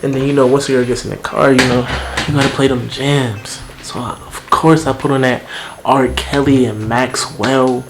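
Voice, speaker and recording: A man's voice: mid-range voice, fairly even intonation, normal speed, noisy background. A young man casually telling a personal story at home for a vlog, slangy and profane. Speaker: vlogger. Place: at home indoors. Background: music playing.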